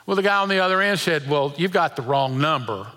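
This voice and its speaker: A man's voice: a little high, lively intonation, brisk, pushed and bright. A middle-aged man preaching a sermon, telling folksy stories with chuckles and often repeating his words. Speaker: pastor.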